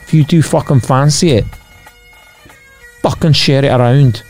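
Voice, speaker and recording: A man's voice: medium pitch, unhurried, a little mellow, soft background music. A man hosting a podcast, reading out facts and chatting casually. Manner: chatty, sweary, reads out facts. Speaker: podcast co-host. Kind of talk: casual chat.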